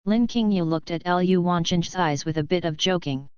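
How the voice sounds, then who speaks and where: Clear, low-toned woman reading an audiobook. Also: normal speed, darkish tone, no room sound, dull audio. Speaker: audiobook narrator. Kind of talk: scripted audiobook narration.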